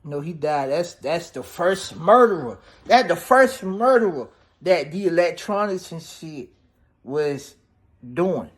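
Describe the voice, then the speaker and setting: A man's voice: fairly high pitch, expressive, takes it slowly. A man casually recapping a movie's plot in a loose, profane, slang-heavy way, peppered with "damn, bro". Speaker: movie reviewer.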